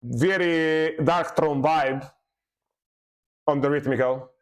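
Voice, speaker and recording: Fairly high-pitched and slow, with mostly even intonation, this man reacts to music on a stream while chatting easily. His delivery is loose and relaxed, full of repetition and "you know."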